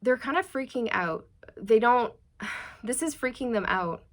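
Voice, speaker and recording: A woman gives a casual tarot reading, talking straight to her audience. She is chatty and warm in tone, often stacking rhetorical questions as she works through the cards. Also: on the high side, lively intonation, unhurried. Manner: chatty, addresses viewers directly, frequent rhetorical questions. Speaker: tarot reader.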